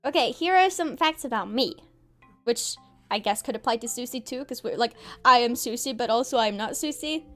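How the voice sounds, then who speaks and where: This young woman's voice sits on the high side, animated and sharp-toned at normal speed, with faint music behind her. Streaming as a VTuber, she shows off her model with giggly, exclamatory, playful enthusiasm.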